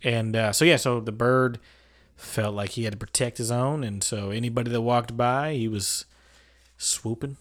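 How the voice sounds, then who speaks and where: A man's voice: mid-range voice, fairly even intonation, moderate pace. A man co-hosting a podcast, telling stories in a laid-back way with casual swearing. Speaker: podcast co-host. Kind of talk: casual chat.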